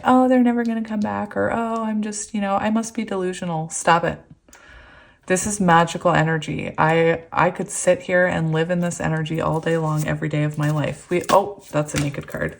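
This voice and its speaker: A woman's voice: on the low side, creaky. Giddy, giggly woman doing a tarot reading. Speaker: tarot reader. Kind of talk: pick-a-card tarot reading.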